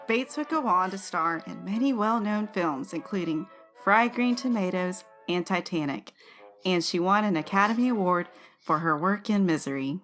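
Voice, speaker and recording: A woman's voice: mid-range voice, expressive, normal speed, a bit bright. Woman, podcast co-host, giggly, reads aloud, stumbles over tricky words, faint music behind. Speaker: podcast co-host reading a history segment. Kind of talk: casual podcast chat and read-aloud.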